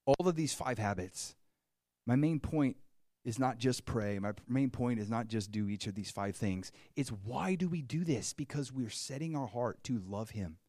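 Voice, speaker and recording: A man preaching a sermon, telling a story with animated swings between hushed and excited delivery. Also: medium pitch, moderate pace, dry recording, clean studio sound.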